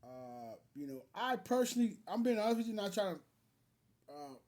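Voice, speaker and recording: A man's voice: high-pitched, sing-song, moderate pace, darkish tone. A man hosting a casual reaction video, rambling with many fillers and restarts, calling his viewers brothers. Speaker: commentary video host.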